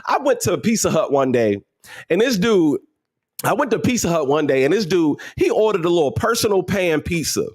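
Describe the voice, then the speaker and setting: A man with a notably high voice gives an animated motivational talk to his audience. He talks in casual slang and keeps circling back to repeat his points for emphasis. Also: moderate pace, husky. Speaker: motivational livestream host.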